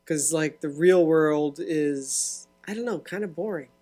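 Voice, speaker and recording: A man's voice: fairly high pitch, unhurried, faint music behind. A man co-hosting a podcast, chatting casually and easily agreeing with his partner. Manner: relaxed, agreeable, lots of mm-hmms. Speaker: podcast co-host. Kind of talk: casual chat.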